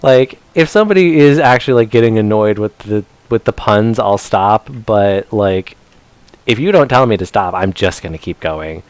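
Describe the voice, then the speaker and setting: Rambling male game streamer, lowish smooth voice. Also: expressive, normal speed, no echo. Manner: rambling, chatty, with lots of fillers. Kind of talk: casual gameplay commentary.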